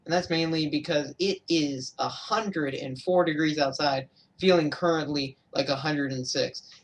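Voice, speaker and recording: A man's voice: a little high, measured pace, recorded from a distance, slight background noise. A young man from Georgia giving a casual weather update on a livestream, hesitant, with many fillers and self-corrections. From Georgia, USA. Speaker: amateur weather broadcaster.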